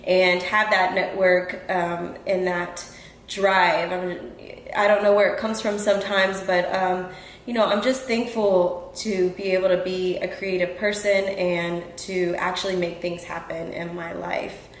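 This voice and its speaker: Her voice lowish and level, speaking a little slowly, a woman hosts her own show from a home room in Houston, addressing listeners earnestly and casually. She frequently says um and restarts. The recording is rough and reverberant, with slight background noise.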